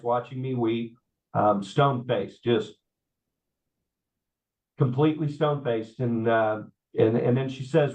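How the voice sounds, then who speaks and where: A man, telling his life story in an interview, halting with many fillers and repeats. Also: mid-range voice, a little mellow. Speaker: guest. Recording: slightly dull audio.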